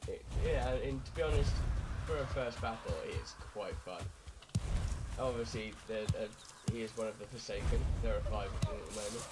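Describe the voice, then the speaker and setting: A young man from Britain, hoarse and croaky from a night of drinking, rambling crudely through casual gameplay commentary. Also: lowish voice, normal speed, loud music behind the voice. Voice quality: raspy, croaky. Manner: rambling, crude, self-mocking. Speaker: gamer. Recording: loud background noise.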